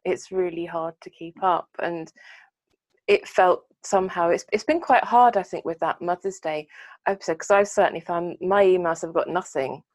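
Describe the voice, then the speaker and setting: Woman, podcast co-host, lowish voice, earnest, reflective, video call, dry. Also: moderate pace, a little mellow, no echo. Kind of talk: casual chat.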